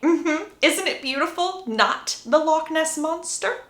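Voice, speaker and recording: A confident young vampire mother, breezy and insistent, put on by a woman. High and bright in her own register, with a roomy echo. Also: animated, slow pace, full character voice.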